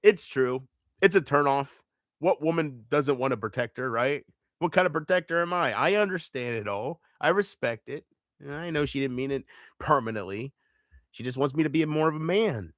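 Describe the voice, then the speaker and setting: A man's voice: medium pitch, animated, normal speed, no echo, studio quality. A man rambling in a live chat, profane and self-mocking, laughing often between thoughts. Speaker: livestream host.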